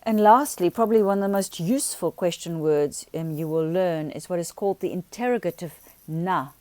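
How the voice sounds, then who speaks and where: Low-pitched female teacher, patient explainer of grammar, dry room. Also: darkish tone, dry recording. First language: not Xhosa. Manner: explains patiently, pronounces example words slowly. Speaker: language teacher. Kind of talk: recorded grammar lesson.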